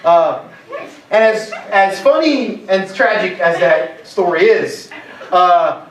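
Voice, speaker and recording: A man's voice: sits high, takes it slowly, a little hiss or hum. A man in his thirties preaching a sermon to young adults, telling self-mocking jokes and stories. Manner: joking storyteller, self-mocking. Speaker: pastor. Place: church hall. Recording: echoey church hall from far off.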